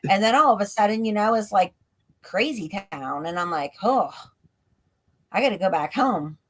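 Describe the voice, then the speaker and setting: A woman's voice: medium pitch, expressive, moderate pace. A woman guest on a live stream, chatting casually and telling stories, leaning on the filler "like" and laughing often. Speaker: guest, ghost tour guide. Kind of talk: casual storytelling in an interview. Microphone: remote live stream call.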